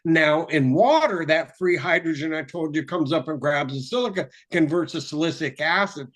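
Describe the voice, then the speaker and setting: A man talking casually as an interview guest, excitable and profane, jumping into quick chemistry explanations. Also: fairly high pitch. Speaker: guest, water filter developer.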